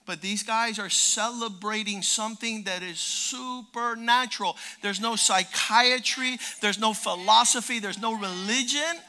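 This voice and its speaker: Older guy preaching, really high bright voice, gets fired up and shouts. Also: measured pace, hardly any pauses. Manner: fervent, rising to shouted peaks; emphatic, repeats words. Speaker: pastor. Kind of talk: sermon.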